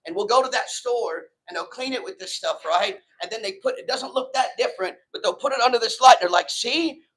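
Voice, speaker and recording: A man's voice: sits high, fairly quick, a bit bright, low-quality recording. A man preaching a sermon in a casual, emphatic way, often checking in with the congregation. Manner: emphatic, conversational preaching with frequent "right?" and "man". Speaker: pastor.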